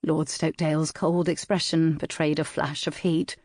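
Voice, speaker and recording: A man's voice: a little high, flat delivery, normal speed, a little mellow, no room sound, studio quality. Man narrating an audiobook. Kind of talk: scripted narration.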